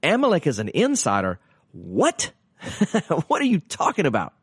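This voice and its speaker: Male podcast teacher, slightly high voice, earnest and conversational, dry close sound. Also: huge pitch swings, normal speed, breathy edge, no room sound. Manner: earnest, conversational, with frequent restarts and rhetorical questions.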